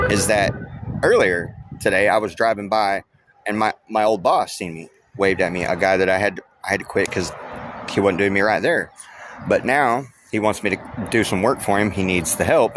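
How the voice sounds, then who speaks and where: A man's voice: fairly low pitch, noisy background. A middle-aged man telling a story in a rambling, blunt, profane way, with lots of filler words. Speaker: vlogger. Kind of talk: casual storytelling vlog. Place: waiting at a work site. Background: background music.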